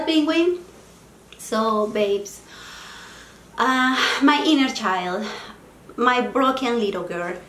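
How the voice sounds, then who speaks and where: A woman in her forties speaks with a Spanish accent, earnest and heartfelt as she shares personal advice in a vlog. Her voice sits at a middle pitch. The room is echoey, with a faint hum of ambience behind her. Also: fairly bright tone. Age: 40s. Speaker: vlogger. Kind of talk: personal self-help vlog.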